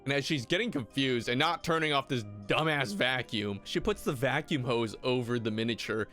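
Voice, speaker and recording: A man's voice: medium pitch, moderate pace, hardly any pauses, over music. A man recapping a TV episode for a video in a casual, mocking, irreverent way. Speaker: YouTube commentator.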